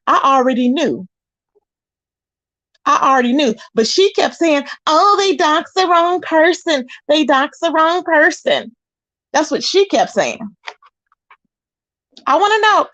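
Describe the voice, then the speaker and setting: With a high, fairly bright voice, a woman chats with her livestream viewers in a casual way. She calls them "y'all" and "child" as she hosts.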